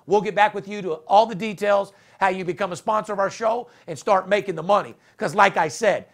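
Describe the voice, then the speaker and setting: A man's voice: high-pitched, a little fast. A man hosting a sports betting podcast, talking brashly and profanely in casual banter. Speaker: podcast host.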